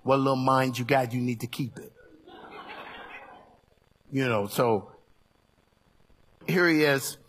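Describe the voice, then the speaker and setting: A male preacher delivering a sermon, animated and folksy, swinging from low murmurs up to shouts. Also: slow, pauses often, a little hiss or hum. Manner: folksy and colloquial.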